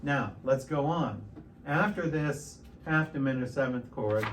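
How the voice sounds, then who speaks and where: A middle-aged man teaching piano in a relaxed, explanatory way, stopping and restarting often. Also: medium pitch, unhurried. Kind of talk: casual piano tutorial. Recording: piano loud in the background.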